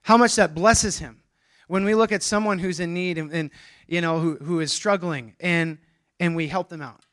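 A man's voice: fairly high pitch, steady tone, normal speed, a bit bright. A man preaching a sermon in a casual, conversational way, with frequent restarts and self-deprecating asides. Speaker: pastor.

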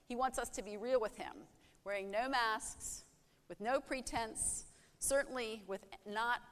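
A woman preaches with earnest conviction, her voice sitting a little high. She often poses rhetorical questions and voices pleading prayers aloud. The recording carries a long reverb, as if from a large hall. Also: measured pace. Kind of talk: sermon.

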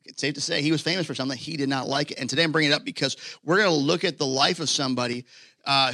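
A man preaching a sermon to a live congregation, animated and casual, swinging between excited bursts and hushed moments. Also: a little high, no room sound, studio quality. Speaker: pastor. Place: church hall, live congregation.

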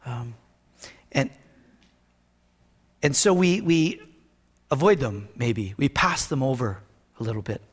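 A male pastor preaching a sermon in an earnest, conversational way, reading scripture slowly and with emphasis. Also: mid-range voice, expressive, big-room sound.

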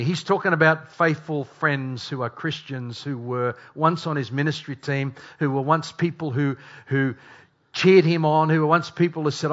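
Pastor, male, middle-aged: earnest sermon delivery, hushed then emphatic, slightly high voice, dull lo-fi recording. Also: normal speed. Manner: earnest, swings from hushed confession to loud emphatic preaching.

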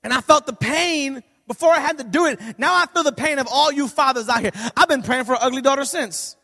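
Male pastor, sermon; lively comic storyteller who builds to shouts; high voice with long hall reverb. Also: a little fast, gravelly, hardly any pauses. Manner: animated, humorous storytelling that swells into shouting.

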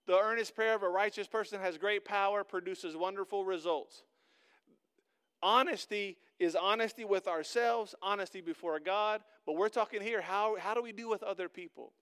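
High-voiced earnest preaching man. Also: moderate pace, smooth. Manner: earnest, conversational preaching that builds to loud emphatic peaks. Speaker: pastor. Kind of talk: sermon.

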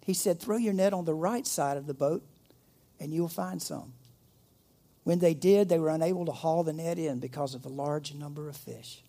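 A man's voice: on the high side, vocal fry, warm tone. A middle-aged man preaching a sermon, reading scripture aloud and breaking off into playful jokes and asides. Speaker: pastor.

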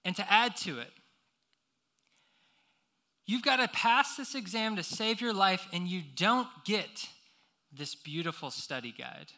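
A man's voice: sits high, expressive, measured pace, pauses often, bright, forceful tone. A young man preaching a sermon, telling a personal story with lots of fillers and restarts before turning to scripture.

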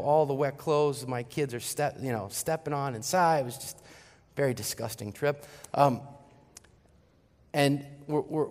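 Animated pastor preaching in an echoey church. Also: male voice, mid-range voice, clear, resonant tone. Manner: storytelling with animated quoted voices. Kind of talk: sermon. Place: church sanctuary. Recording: long reverb of a church hall.

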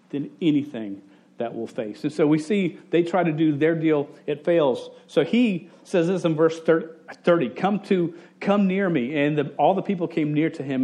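Lively preacher, man. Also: on the high side. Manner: conversational storytelling with quick voice shifts for quoted people; jokey and self-interrupting. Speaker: pastor. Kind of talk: sermon.

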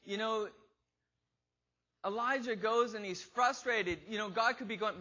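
Guy preaching a sermon, high bright voice, slow and deliberate, kinda dull lo-fi recording. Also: expressive. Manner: conversational, asks the congregation questions; acts out quoted inner voices with rising emphasis. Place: church.

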